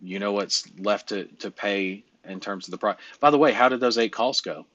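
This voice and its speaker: A man's voice: fairly low pitch, moderate pace, a bit bright, no echo, highs cut off. A man coaching a client on a casual call, blunt and joking, swearing casually. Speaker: business coach.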